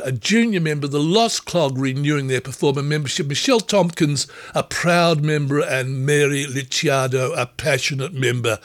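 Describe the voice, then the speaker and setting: A man's voice: a little high, no room sound. Man, radio presenter, upbeat, reading listener names, dry studio sound. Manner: upbeat, grateful, rattling through names. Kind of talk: reading out listener memberships on air. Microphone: studio microphone.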